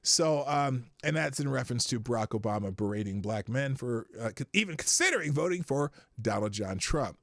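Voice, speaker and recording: A man's voice: mid-range voice, lively intonation, fairly quick, few pauses, fairly bright tone, dry recording, clean studio sound. A man hosting a live morning news show, talking casually and rambling off the cuff, with the odd swear. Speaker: host.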